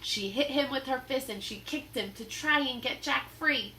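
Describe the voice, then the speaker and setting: A woman reading a children's book aloud in an expressive, dramatic storytelling manner. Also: high-pitched, moderate pace. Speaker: storybook reader.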